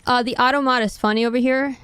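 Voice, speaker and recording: A woman's voice: a little high, steady tone, quick pace, a bit bright, clean tone. A woman streamer chatting casually while she plays a game, thinking aloud and mocking herself. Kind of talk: casual gaming stream chat.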